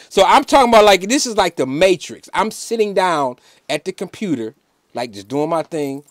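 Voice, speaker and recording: High-voiced man telling an animated story. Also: normal speed, no room sound, studio quality. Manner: animated, repetitive, full of "like" fillers; emphatic, preacher-like insistence. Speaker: musician guest. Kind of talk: casual interview storytelling.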